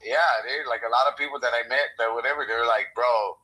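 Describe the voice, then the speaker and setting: A man's voice: medium pitch, steady tone, fast talker, bright, forceful tone, rough recording. A young American man on a podcast, rambling and swearing as he tells a story, acting out both sides of a conversation. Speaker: podcast co-host. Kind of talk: casual chat.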